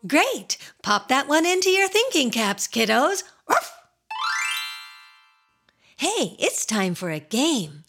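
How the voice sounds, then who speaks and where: A woman hosts a show for young children, leading games in a silly, sing-song manner. Her voice sits a little high and swoops about a great deal as she speaks. She takes her time, and her voice has some gravelly fry. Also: sing-song, measured pace, few pauses, over music. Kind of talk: playful talk to young children.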